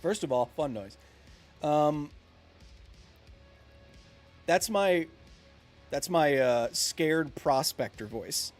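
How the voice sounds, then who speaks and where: A man's voice: on the high side, expressive, extremely slow, pauses often, faint music behind. Rambling, jokey male game streamer. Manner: rambling, self-mocking, jokey asides. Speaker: streamer playing a video game and answering chat. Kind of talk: casual live-stream chat.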